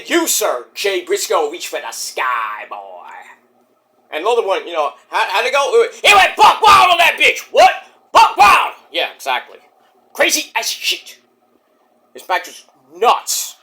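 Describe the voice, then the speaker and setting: In a casual review vlog, an excitable man recaps a wrestling show loosely and with plenty of swearing. His voice is high and bright, leaping all over the place, and he bursts into sudden yelled exclamations.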